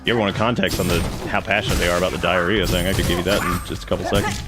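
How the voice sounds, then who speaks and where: A man's voice: low-pitched, flat delivery, racing. A man streaming a video game, cracking jokes and swearing casually as he plays. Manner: joking, profane, rambling. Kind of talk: casual gameplay commentary. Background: game music.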